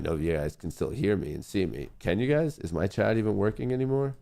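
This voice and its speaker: A man's voice: on the low side, fast talker, gravelly, few pauses, dark tone. A man hosting a live stream about trading, thinking aloud to his viewers and muttering to himself at his computer. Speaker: livestream host and day trader.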